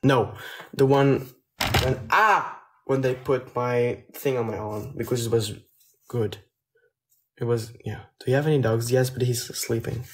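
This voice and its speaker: A man's voice: medium pitch, fairly even intonation, unhurried, slight background noise. A young man with a Belgian French accent, reading viewer comments aloud on a phone live stream and answering them casually in English and French.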